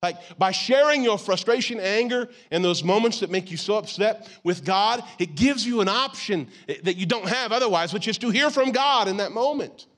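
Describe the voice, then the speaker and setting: A man's voice: sits high, expressive, normal speed, hardly any pauses, fairly bright tone. Man, pastor, casual sermon, church auditorium, talks to the crowd like a friend. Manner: conversational preaching with frequent "you gotta" and "like".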